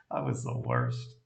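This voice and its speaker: A man coaching salespeople with blunt, animated commentary on a recorded call, laughing often. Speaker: sales trainer critiquing a call. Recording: echoey room.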